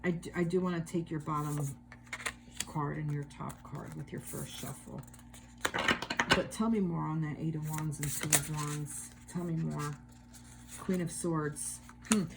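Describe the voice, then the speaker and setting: A woman's voice: sits low, steady tone, a little slow, creaky, very noisy. A woman giving a casual tarot reading, musing aloud with many fillers and swearing freely. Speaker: tarot reader.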